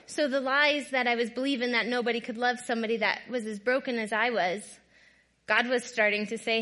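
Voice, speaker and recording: A woman with a high, bright voice shares her personal testimony in a candid, conversational way. She often checks in with her listeners, shifting between hushed, quiet moments and louder stretches. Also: steady tone, brisk. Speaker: guest speaker.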